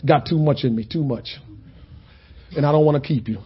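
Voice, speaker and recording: A man preaching a sermon in a conversational, storytelling way that builds to loud, shouted points. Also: on the high side, a little fast, breathy edge, lo-fi sound.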